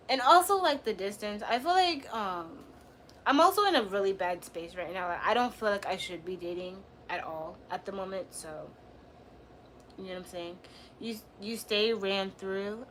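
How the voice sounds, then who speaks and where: A woman's voice: on the high side, pushed and bright. A young woman livestreaming, chatting casually in slang, teasing and trash-talking her chat.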